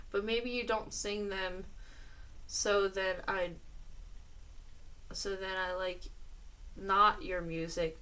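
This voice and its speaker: A woman's voice: mid-range voice, sharp tone. A woman reading letters aloud with commentary, laughing often between lines. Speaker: reader and commentator.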